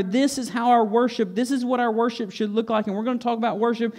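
A man's voice: very high-pitched, fairly even intonation, a little fast, few pauses, a little mellow. A man preaching a sermon to his church, earnest, repeating phrases for emphasis. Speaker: pastor. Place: church sanctuary.

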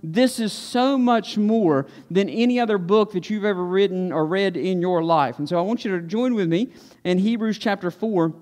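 High-voiced pastor in a reverberant church. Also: male voice, normal speed, darkish tone. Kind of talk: conversational sermon and prayer. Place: church sanctuary. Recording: long hall reverb.

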